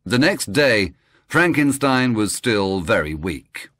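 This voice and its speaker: A man narrating a simple story aloud, reading slowly and clearly. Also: fairly low pitch, no echo. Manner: slow, clear, expressive reading. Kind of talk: scripted narration of a graded reader.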